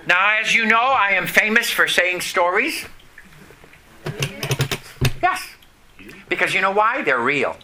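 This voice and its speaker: A middle-aged man preaching a sermon, reading scripture and leading the congregation in call-and-response with dramatic pauses. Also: high-pitched, very animated, noisy background. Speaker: pastor.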